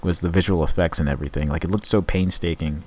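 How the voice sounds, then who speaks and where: Deep-voiced man, rambling and profane. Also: fairly even intonation, quick pace, a little mellow, slight background noise. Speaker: podcast host. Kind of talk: casual chat.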